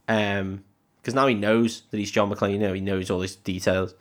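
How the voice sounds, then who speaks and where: A man's voice: fairly low pitch, little pitch movement, moderate pace, hardly any pauses, a bit bright. A young man co-hosting a podcast, animatedly retelling a film and acting out its lines. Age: young adult. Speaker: podcast co-host. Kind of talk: casual film-recap chat.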